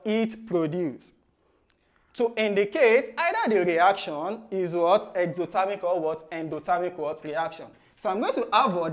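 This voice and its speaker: A man teaching chemistry for exam preparation. He ends nearly every phrase with "what?" and then answers it himself in a low, soft voice. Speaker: chemistry tutor. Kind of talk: exam-prep lesson.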